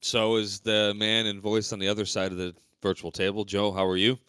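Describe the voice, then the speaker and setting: A man in his thirties co-hosting a casual sports podcast, wry, his voice deeper while recovering. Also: flat delivery, fairly quick, pushed and bright, clear, resonant tone, no room sound, clean studio sound. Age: 30s. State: voice recovering, deeper than usual. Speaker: podcast co-host.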